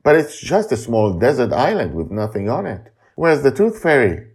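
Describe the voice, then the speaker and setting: A man's voice: mid-range voice, big pitch swings, normal speed, pitched above the performer's own voice. A man voicing a curious older grandmother who asks plain, wondering questions. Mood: puzzled.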